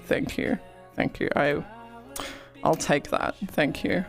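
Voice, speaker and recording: Slow, playful, gravelly streamer. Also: medium pitch, fairly even intonation, faint music behind. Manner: playful, repeats greetings, laughs often. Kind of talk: casual banter between streamers.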